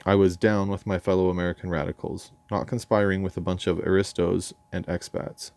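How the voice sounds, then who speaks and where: A man's voice: sits low, little pitch movement, a little fast, vocal fry, darkish tone, dry recording. An English man reading his own memoir aloud in a dry, ironic, erudite manner, sometimes stumbling over a word. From England. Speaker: memoir narrator.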